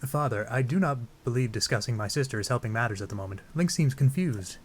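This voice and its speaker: A man's voice: mid-range voice, quick pace, slight background noise, close to an everyday voice. Sidon, a man doing an earnest fish prince. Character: earnest young male fish-folk prince, polite.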